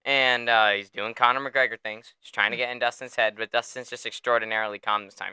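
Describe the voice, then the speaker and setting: A man hosting a casual sports podcast, his voice very bright and clean against a dry, close recording. He recounts fights with animated energy, tosses in curse words and laughs easily. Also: mid-range voice, fast talker, few pauses, smooth, dry recording. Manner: animated storytelling, swears freely and laughs often. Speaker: podcast host.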